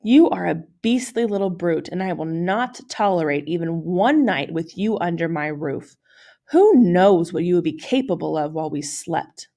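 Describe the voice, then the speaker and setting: Pompous, stern middle-aged foster mother, formal and scolding, lowish voice, as a woman reads her. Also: animated, normal speed, gravelly, dark tone. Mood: contemptuous.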